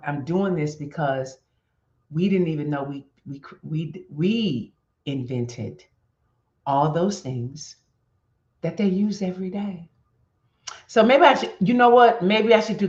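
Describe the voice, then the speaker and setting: A woman host talks in a bubbly, excitable way that tips easily into laughter. She turns slow and earnest when she prays. Her voice comes through a dull, lo-fi recording that sounds like a roomy space. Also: low voice. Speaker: host of a daily devotional video series. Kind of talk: casual chat and spoken prayer.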